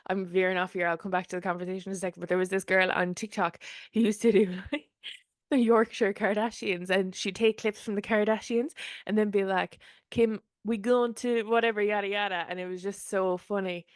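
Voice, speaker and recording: A woman's voice: mid-range voice, level tone, brisk, no room sound. Chatty woman podcaster, dry close sound. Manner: chatty storytelling, laughs often. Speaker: podcast co-host. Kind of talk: casual chat.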